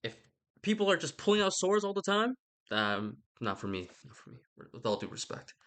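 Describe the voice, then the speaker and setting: A man's voice: on the high side, big pitch swings, a little fast, fairly bright tone. A young man giving a rambling, casual retelling of a story, irreverent and slangy, swearing and interrupting himself. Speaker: channel host.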